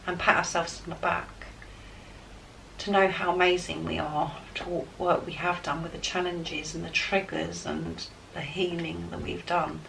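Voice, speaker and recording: An enthusiastic woman reads tarot cards and gives spiritual guidance, talking straight to her viewers with a lot of excitement. Her voice sits on the low side and has a gravelly edge. The mic is some way off, and faint noise hums underneath her. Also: normal speed, distant mic, rough recording. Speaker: tarot card reader. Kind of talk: spiritual guidance reading to camera.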